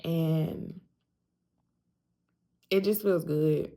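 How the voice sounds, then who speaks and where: Emphatic slangy woman, low voice. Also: fairly even intonation, very slow, mellow. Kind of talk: casual self-talk vlog.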